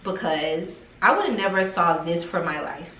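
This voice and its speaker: A woman with a lowish, slightly bright voice and lively intonation speaks at normal speed in a heartfelt home vlog, using plenty of fillers. As a lifestyle vlogger talking to camera, she's captured with roomy echo, some distance from the mic, and slight background noise.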